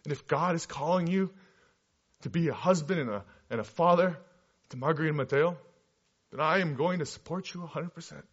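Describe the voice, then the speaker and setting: A man voicing his older father, a gentle and gracious man who speaks slowly and solemnly. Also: on the high side, breathy edge, voice pushed up. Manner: slow, solemn, emphatic. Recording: dull lo-fi recording.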